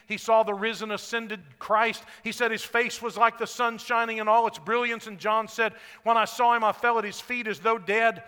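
A man pastor preaching a sermon to a congregation, building to loud shouted lines and then dropping his voice. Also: sits high, clean tone. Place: church sanctuary. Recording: echoey hall.

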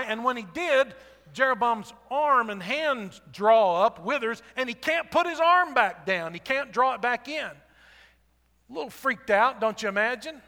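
A male preacher telling a Bible story in a conversational, animated way, full of rhetorical asides. His voice is high and bright. The sound rings with a long reverb, as in a large hall. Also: moderate pace. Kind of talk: sermon.

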